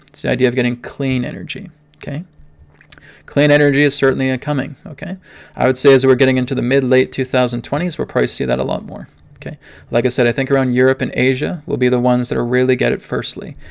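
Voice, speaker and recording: Emphatic gravelly-voiced man hosting a livestream. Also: medium pitch. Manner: emphatic, repeats "okay?" often. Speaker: spiritual reader and host. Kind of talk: live stream talk and Q&A.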